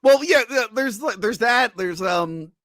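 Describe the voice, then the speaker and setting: A man's voice: very high voice, animated, measured pace, fairly bright tone, no echo, clean studio sound. A man hosting a casual movie review podcast. He rambles, with many fillers and restarts. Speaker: podcast host.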